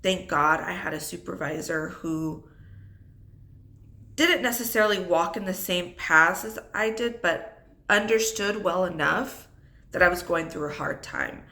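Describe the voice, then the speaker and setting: A woman's voice: lowish voice, unhurried, gravelly, pushed and bright. A young adult woman telling an unscripted personal story about her divorce, reflective and holding back tears. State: tearful. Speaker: single mother vlogger.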